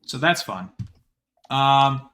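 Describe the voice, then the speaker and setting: Bright-voiced male streamer reading news. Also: medium pitch, expressive, slight background noise. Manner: quick chatty reading with many fillers and restarts. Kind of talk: reading an article aloud with casual asides.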